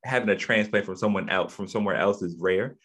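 Laid-back husky-voiced man chatting. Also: on the low side, quick pace, fairly bright tone. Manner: laid-back, slangy, repeats words. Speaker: podcast host. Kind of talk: casual chat.

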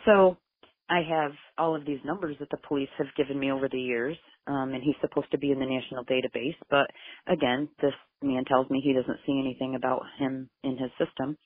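Speaking with a very deep, breathy voice, a mother briskly recounts in an interview how she searched for her missing son. She's intense and emotional, quoting what each person said, though her intonation stays fairly even. The sound is phone-like and narrow, with no room sound.

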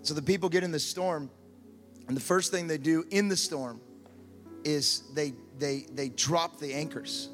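A high-voiced man preaches with mounting fervor, often repeating his words as he builds toward shouted appeals. Faint music sits under his voice. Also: measured pace, big-room sound. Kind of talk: sermon.

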